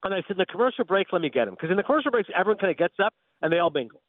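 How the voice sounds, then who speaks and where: A man from Canada, a guest broadcaster, telling animated, excitable anecdotes in a rapid-fire radio storytelling style. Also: high-pitched, no room sound. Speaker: guest sports and film broadcaster. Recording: tinny phone-like line.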